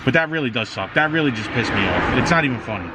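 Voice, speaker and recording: A man with a medium-pitched voice talks fast and animatedly while doing his own oil change next to a car on a street. He narrates casually to viewers and swears when frustrated, and passing traffic makes the audio noisy.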